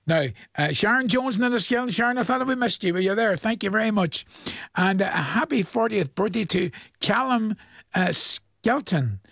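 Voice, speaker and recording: A man's voice: high-pitched, expressive, moderate pace, vocal fry, a bit bright, dry recording, clean studio sound. An older man with a Northern Irish accent, hosting a radio show in a chatty, folksy way, reading out listeners' greetings and chuckling often. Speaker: radio presenter. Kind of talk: casual radio shout-outs. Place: radio studio.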